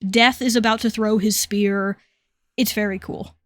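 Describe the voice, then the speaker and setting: A woman co-hosting a podcast, casually recapping comic book plots with relaxed narration and light laughs. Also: mid-range voice, unhurried, no echo. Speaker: podcast co-host.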